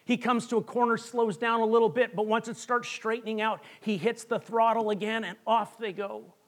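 A man preaching a sermon, telling a long joke story with dramatic pauses that drop to a hush. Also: high-pitched, level tone. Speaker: pastor.

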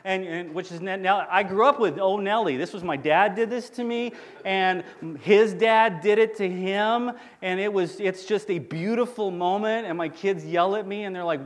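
A man's voice: high-pitched, normal speed, hardly any pauses. A middle-aged man, a campus pastor, preaching a sermon in a church sanctuary in a conversational, storytelling way and asking the congregation questions.

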